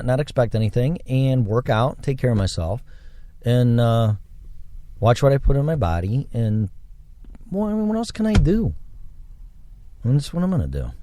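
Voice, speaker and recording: A man's voice: mid-range voice, warm tone. A man hosting a solo podcast, talking in a rambling, reflective way with religious touches. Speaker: podcast host. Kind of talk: solo casual monologue.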